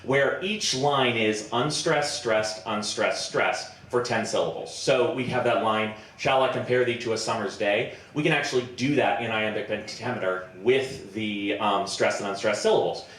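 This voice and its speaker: A man performing improvised comedy on stage, chatty and self-deprecating, often pausing with ums. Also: fairly low pitch, fairly even intonation, fairly bright tone, very echoey. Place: festival stage before a live audience.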